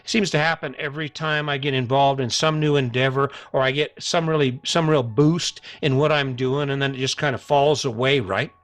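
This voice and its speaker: A man's voice: mid-range voice, steady tone, brisk, few pauses, fairly bright tone, soft background music. A middle-aged man hosting a podcast, talking earnestly and casually to listeners, often repeating himself and restarting his sentences. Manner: earnest, repetitive, conversational with many restarts. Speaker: podcast host. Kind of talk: motivational solo podcast monologue.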